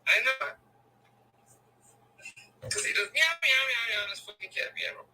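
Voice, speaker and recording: High, lively woman rambling crudely. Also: normal speed, husky, low-quality recording. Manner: crude, rambling, swears, many fillers. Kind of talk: rambling livestream chat.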